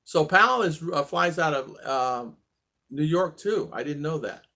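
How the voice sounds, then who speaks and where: A man's voice: a little high, lively intonation, a little slow, bright, forceful tone. A man hosting a casual live video chat, greeting viewers one by one and rambling through stories with many fillers and restarts. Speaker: livestream vlog host.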